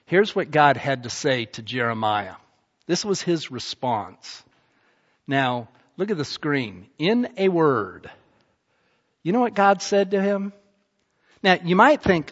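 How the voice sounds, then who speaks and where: A male pastor delivering a sermon in a church, talking to the crowd in a chatty but emphatic way and hammering phrases by repeating them. His voice sits a little high for a man. The recording is muffled and carries a long reverb from a big hall. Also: sing-song, slow.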